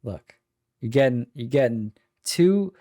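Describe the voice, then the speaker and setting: A man's voice: mid-range voice, animated, a little slow, warm tone. A man co-hosting a podcast in casual chat, teasing his partner with playful banter. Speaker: podcast co-host.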